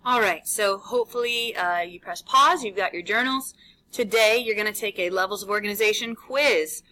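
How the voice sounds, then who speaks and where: A woman's voice: mid-range voice, normal speed, pushed and bright, low-quality recording. A woman teacher recording chatty, teasing instructions for her class while a substitute runs the room. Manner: chatty and teasing, with many fillers.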